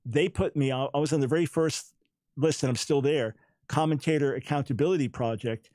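A man's voice: a little high, fairly quick, mellow, no echo. A man hosting a talk show, speaking in an emphatic, incredulous monologue and often repeating words as he makes his points. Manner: speaks with a smile, not taking it personally.

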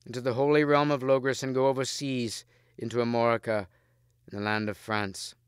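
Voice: mid-range voice, little pitch movement, normal speed, clean tone, no room sound, studio quality, lightly acted. A man voicing a noble knight solemnly bidding farewell to his land.

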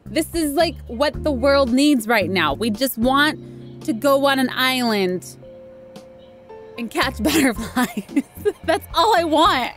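Young woman, gameplay host, giggly and gushing, high lively voice, unhurried pace. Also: faint music behind. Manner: giggly, gushing, squealing with excitement. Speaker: gaming video host. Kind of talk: excited gameplay commentary.

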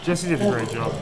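A man, a voice actor, reacting to a game in casual chat, animated and swearing a lot. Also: a little high. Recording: loud background noise.

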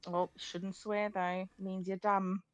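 A woman's voice: mid-range voice, little pitch movement, takes it slowly, dry recording. A woman chatting casually with friends on a game stream, teasing and playful. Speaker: co-player. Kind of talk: casual chat among friends.

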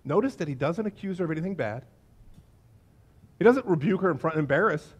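A middle-aged male pastor preaching a sermon, telling the story with animated energy and acting out the voices. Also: on the high side, fast talker, breathy edge.

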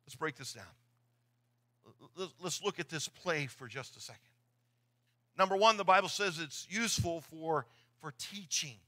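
A man's voice: a little high, normal speed, pauses often, pushed and bright. A middle-aged man preaching a sermon in church, earnest and often repeating his words as he talks. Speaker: pastor. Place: church sanctuary.

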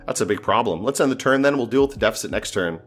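A man's voice: medium pitch, expressive, quick pace, a bit bright, faint music behind. A man thinking aloud as he plays a strategy game, often exasperated and swearing. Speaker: gameplay commentator. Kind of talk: casual gameplay commentary.

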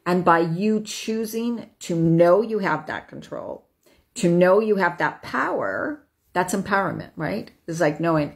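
A woman's voice: fairly low pitch, expressive, unhurried, gravelly. A woman in her fifties giving a casual self-help talk, chatty, tagging her points with "right?" and laughing as she goes. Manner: chatty, frequent "right?", laughs while talking. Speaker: host.

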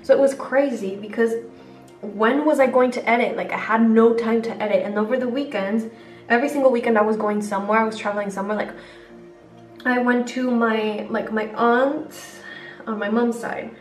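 A young adult woman rambles through a chatty get-ready-with-me vlog as she applies makeup, using lots of fillers. She talks at normal speed, her voice a little high with fairly even intonation. The mic sits far off in an echoing room, and faint music can be heard.

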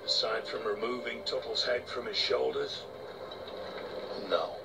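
Gravelly, sneering hard man for a game scene, a little distant, with score underneath. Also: medium pitch, fairly even intonation, unhurried, background noise. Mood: scornful. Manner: scornful and mocking. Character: harsh gruff man, scornful and blunt. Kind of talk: video game voice acting.

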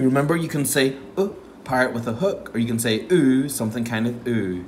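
A man teaching a children's phonics lesson from home, sounding out words slowly and playfully. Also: medium pitch, darkish tone. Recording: faint dishwasher hum at home.

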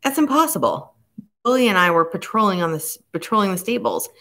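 A woman voicing a bald man who talks quickly and defensively. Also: mid-range voice, animated, a bit bright, pitched above the performer's own voice.

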